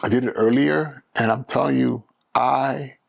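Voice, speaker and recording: A man hosting his own podcast, talking in an animated, emphatic way and often restarting his phrases. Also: mid-range voice, a little slow, creaky, no echo. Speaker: podcast host. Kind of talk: casual solo podcast monologue.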